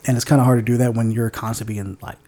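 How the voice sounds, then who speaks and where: Racing along in a mellow, medium-pitched voice with a level tone, a male co-host of a casual film-review podcast rambles. He searches for words as he goes and drops the occasional swear.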